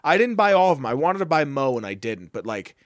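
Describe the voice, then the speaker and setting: A man co-hosting a podcast, telling stories in a casual, animated and profane way. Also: mid-range voice, fast talker, dry recording. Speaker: podcast co-host. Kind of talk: casual chat.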